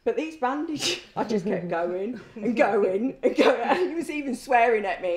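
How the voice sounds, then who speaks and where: A woman's voice: on the high side, lively intonation, normal speed, few pauses. A middle-aged woman, a former prison governor telling anecdotes in conversation, blunt, swearing freely and laughing through her stories. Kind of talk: storytelling in conversation. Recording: roomy echo.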